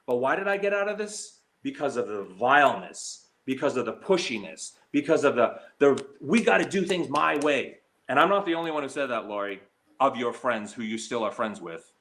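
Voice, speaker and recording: Emotional and heated, a man streaming slots talks fairly quickly in an expressive, fairly bright tone, tripping over fillers and restarts. He imitates people he quotes in a mocking, shrill high voice.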